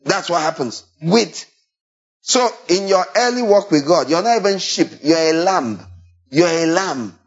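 A man preaching a sermon, animated and full of rhetorical questions, now and then imitating sheep and shepherd calls. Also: a little high, measured pace. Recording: dull lo-fi recording.

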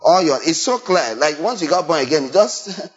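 Man preaching, higher voice, dull lo-fi sound, faint music behind, rhetorical questions. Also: normal speed. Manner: animated, rhetorical questions, acts out bleating and shepherd calls. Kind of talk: sermon. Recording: dull lo-fi recording.

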